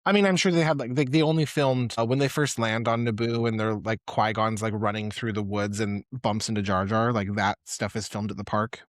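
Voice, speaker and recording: A man's voice: lowish voice, steady tone, a little fast, hardly any pauses, dry recording. Chatty mid-voiced man, dry mic. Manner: chatty, teasing, full of "like" fillers. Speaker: podcast co-host. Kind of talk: casual chat.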